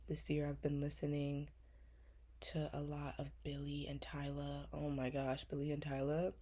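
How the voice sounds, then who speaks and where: A young woman in her twenties talks in a low, husky voice. She answers interview questions about her year in an earnest, emotional way, close to tears, pausing often with casual fillers. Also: monotone, warm tone. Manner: earnest, emotional, drawn-out pauses, many fillers. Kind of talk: casual reflective talk.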